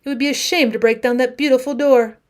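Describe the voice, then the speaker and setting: A woman's voice: high-pitched, fairly even intonation, quick pace. Woman dramatically reading a classic story. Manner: dramatic, with wide swings between hushed and raised passages. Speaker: teacher reading aloud.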